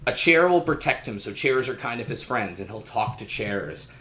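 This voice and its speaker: A man chatting casually as a podcast co-host, his pitch swinging widely as he rants. He swears freely and slips into loud, mocking impressions. The recording has a roomy echo. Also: lively intonation, normal speed. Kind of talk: casual chat.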